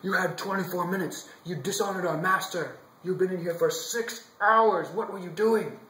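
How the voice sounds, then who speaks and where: A man's voice: sits high, moderate pace, pitched above the performer's own voice. A man voicing the furious male servants of the death god as they scold a boy, in an echoey room. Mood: angry. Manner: scolding, loud.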